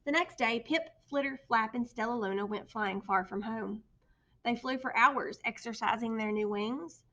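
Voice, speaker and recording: Woman reading a storybook aloud, expressive, bright and a bit high. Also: normal speed, highs cut off. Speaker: storybook reader. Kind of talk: children's book read-aloud.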